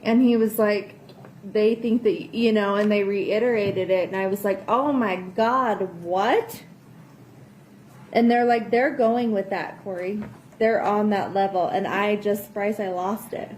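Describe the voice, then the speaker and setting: A woman's voice: mid-range voice, steady tone, measured pace, a little mellow, slight background noise. Distraught woman on a phone call. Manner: distraught, swears often, voice rising and breaking. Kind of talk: emotional phone conversation.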